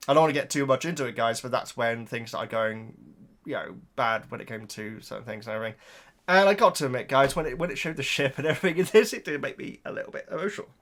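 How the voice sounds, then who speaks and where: Close to tears, a man reacts on camera for his YouTube video, his casual chat rambling and hesitant, full of fillers and repeated words. His medium-pitched voice is expressive, fast and a bit bright.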